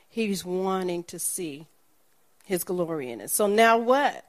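Animated woman preaching a testimony. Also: on the low side, takes it slowly. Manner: animated storytelling, acts out the people in her story. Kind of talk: sermon with personal testimony.

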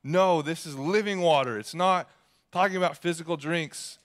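A young man preaches at a moderate pace, his voice on the high side and a bit bright. As a pastor, he takes a conversational, joking approach with acted asides.

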